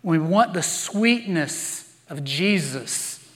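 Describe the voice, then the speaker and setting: A man's voice: fairly high pitch, animated, slow pace. A man preaching a sermon, telling Bible stories with playful acted-out voices. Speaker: pastor. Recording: long reverb of a large hall.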